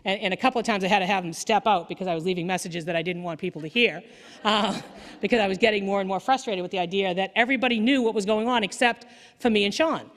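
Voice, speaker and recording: A woman lawyer giving a candid, energetic story-driven speech at a dinner event. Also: medium pitch, fast. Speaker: defense attorney. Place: banquet hall. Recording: echoey hall.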